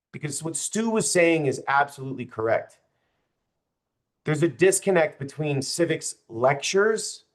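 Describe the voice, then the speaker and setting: A man's voice: fairly high pitch, fairly bright tone. A young man, a political candidate, speaking passionately and with open frustration to a group, addressing the audience directly. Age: young adult. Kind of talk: campaign speech to a group.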